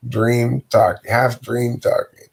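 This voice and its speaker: Drowsy rambling man with a gravelly voice. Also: mid-range voice, level tone, slow pace. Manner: meandering, drowsy, loses the thread. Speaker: storyteller. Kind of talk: improvised rambling storytelling.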